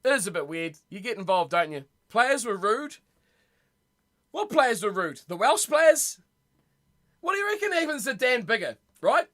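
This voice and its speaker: A young man rambles and reacts aloud to his chat, excitable and chatty. His voice sits high and sounds bright and lively. He talks casually, like a live streamer at home. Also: normal speed. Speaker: streamer hosting a rugby watch party. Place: home room.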